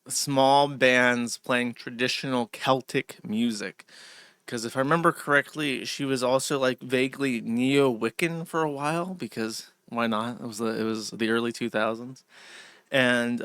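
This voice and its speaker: Bright-voiced man rambling to his chat. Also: mid-range voice, fairly even intonation, unhurried, clean tone, no room sound, clean studio sound. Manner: rambling, digressive, addresses chat directly. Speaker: livestream host. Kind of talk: casual livestream monologue.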